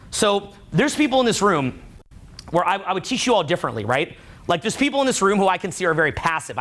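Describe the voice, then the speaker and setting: Rambling man, slightly high voice. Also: a bit bright. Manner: rambling, heavy use of "like" and "right?". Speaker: seminar speaker. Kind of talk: casual live seminar talk. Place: room with a live audience.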